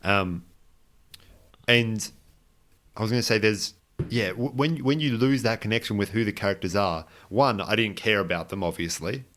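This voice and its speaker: A man's voice: lowish voice, normal speed, a bit bright. A man co-hosting a podcast, chatting casually about a film with many restarts and wry asides. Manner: rambling, frequent restarts and fillers, wry self-mockery. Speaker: podcast co-host. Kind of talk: casual movie review chat.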